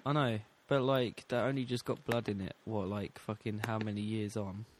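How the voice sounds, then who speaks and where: A man's voice: fairly low pitch, flat delivery, moderate pace, background noise. A young man in a casual podcast chat, blunt and teasing, swearing constantly. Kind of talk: casual podcast chat about video games.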